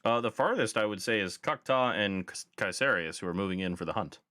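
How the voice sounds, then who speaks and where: A man's voice: fairly low pitch, lively intonation, brisk, sharp tone. A man running a tabletop game as game master, narrating in a matter-of-fact way.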